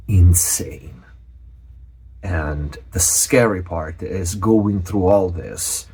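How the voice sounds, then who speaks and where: A man from Europe, a channel host giving a personal update, speaking earnestly with many pauses and restarts. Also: sits low, breathy edge.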